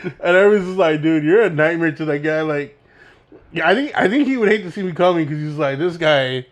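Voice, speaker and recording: A man's voice: fairly high pitch, animated, brisk. A young man co-hosting a podcast, telling rambling, laid-back stories and laughing as he goes. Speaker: podcast co-host. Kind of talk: casual storytelling chat.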